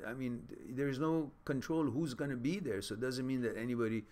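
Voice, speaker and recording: A man's voice: medium pitch, a little fast, darkish tone. Rambling male live-stream host. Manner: loose, rambling, with many fillers and restarts. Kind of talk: casual live-stream chat, reading viewer comments.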